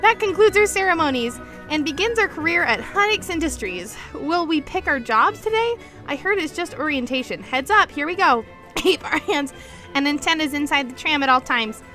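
A woman's voice: high-pitched, animated, normal speed, bright, forceful tone, soft background music. A young woman vlogger reading a movie script aloud in a casual way, giggling and restarting lines.

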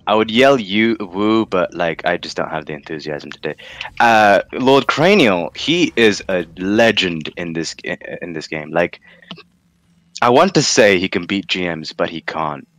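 A man's voice: sits low, expressive, unhurried, a bit bright, dry recording. A man from London, casting a game tournament in a rambling, jokey way and laughing often. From London, England. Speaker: tournament caster. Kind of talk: casual game commentary.

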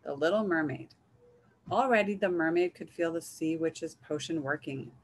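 A woman reading a picture book aloud in a gentle, measured storytelling manner. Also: deep voice, a little hiss or hum, low-quality recording. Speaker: reader.

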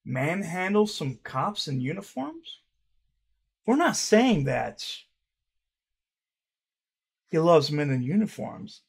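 A man's voice: on the high side, vocal fry, husky. A man reacting to viewer comments in a casual vlog, talking sarcastically and crudely, with mocking jokes and frequent laughing restarts. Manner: stammering restarts.

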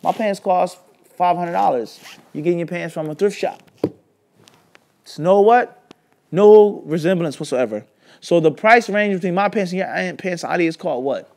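A man's voice: sits high, moderate pace, gravelly, a little mellow. A man teaching an Islamic class, lecturing and constantly quizzing his students with questions. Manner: keeps quizzing the class with "what?" and scolding asides. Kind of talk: lecturing with call-and-response questions.

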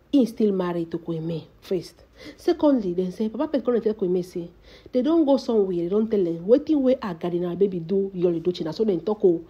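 A woman's voice: medium pitch, warm tone, slightly rough, dull audio. A woman with a Nigerian Pidgin English accent giving dramatic gossip commentary and calling out often to her listeners. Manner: dramatic storytelling, repeatedly calling out to her audience. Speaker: celebrity gossip vlogger.

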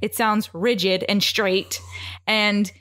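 A woman's voice: mid-range voice, normal speed, fairly bright tone, dry recording, studio quality. A young woman co-hosting a podcast, chatting casually in a playful, giggly way with lots of "like"s. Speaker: podcast co-host. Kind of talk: casual chat.

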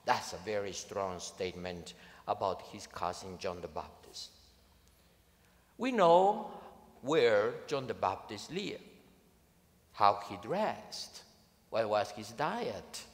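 Animated male priest preaching in a hall. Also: on the low side. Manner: animated and emphatic, with dry humor. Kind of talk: sermon. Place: large conference venue.

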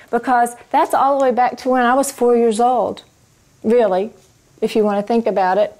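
Speaking at normal speed in a steady, slightly mellow voice on the high side, a woman from a Christian ministry relates her own faith testimony before a live audience. She tells the story expressively and stops to pose questions to the crowd.

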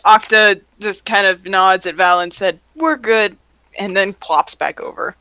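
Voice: medium pitch, fairly even intonation, normal speed, pushed and bright, clear, resonant tone. A player at a tabletop game who chats casually and makes wry jokes.

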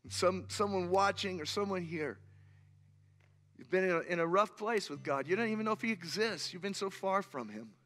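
Pastor guy preaching in church, kinda high voice, earnest, gets fervent. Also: expressive, moderate pace, fairly bright tone, in a large hall. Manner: earnest storytelling, rising to fervent appeals. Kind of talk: sermon. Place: church sanctuary.

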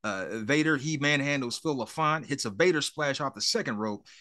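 A man's voice: mid-range voice, lively intonation, moderate pace, pushed and bright. A man co-hosting a podcast, recapping old wrestling in a laid-back, rambling way with frequent restarts. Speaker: podcast co-host. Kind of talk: casual wrestling recap chat.

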